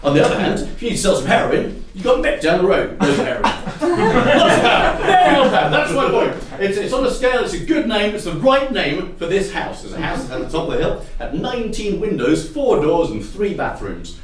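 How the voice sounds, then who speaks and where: Animated English improv storyteller, echoey hall. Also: male voice, high voice, a little fast, recorded from a distance, a loud crowd. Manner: animated, laughing often, repeating audience suggestions. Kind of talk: improvised comic narration. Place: theatre stage with live audience. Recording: echoey hall recorded from afar.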